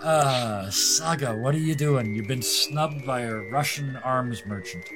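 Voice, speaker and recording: A man's voice: medium pitch, unhurried, over music. A man narrating as game master for a tabletop game, loose and improvised, laughing often.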